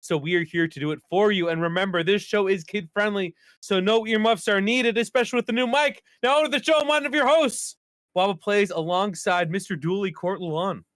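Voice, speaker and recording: A man hosting a podcast, opening the show with an energetic announcer-like delivery. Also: sits high, fairly quick, no room sound, studio quality. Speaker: podcast host. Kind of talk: podcast show intro and casual chat.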